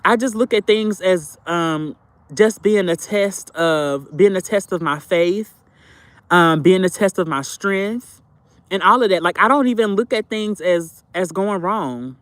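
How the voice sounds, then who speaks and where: High-pitched guy streaming live, aave, repeats himself a lot, talks to chat like sister, baby, super dry sound. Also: a little slow, a bit bright, dry recording. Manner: talkative, repeats phrases, addresses viewers as sister and baby. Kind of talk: casual livestream chat with viewers.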